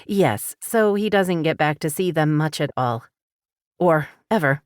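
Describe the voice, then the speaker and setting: A woman's voice: low-pitched, lively intonation, unhurried, clear, resonant tone, no echo, studio quality. A woman narrating an audiobook voices an anxious, emotional single mother, speaking with a tearful, pleading lift. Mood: aching. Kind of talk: audiobook character voice.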